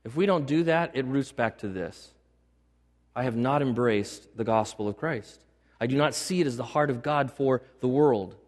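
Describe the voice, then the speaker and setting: A male pastor speaks at normal speed in a mid-range, somewhat mellow voice. Preaching emphatically in a church sanctuary with long hall reverb, he repeats key phrases and puts questions to the congregation.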